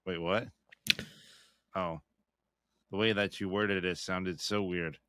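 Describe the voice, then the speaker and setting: Male co-host, low-pitched voice, dry teasing quips, low-key, dry recording. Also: steady tone, takes it slowly, fairly bright tone, smooth, no room sound. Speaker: podcast co-host. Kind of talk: casual podcast chat.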